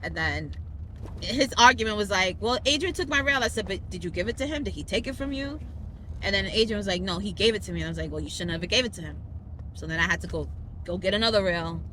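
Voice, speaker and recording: Bright-voiced New York woman storyteller. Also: medium pitch, quick pace, slight background noise. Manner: animated storyteller, laughs often, quotes people in slang. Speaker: podcast host. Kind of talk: casual family chat.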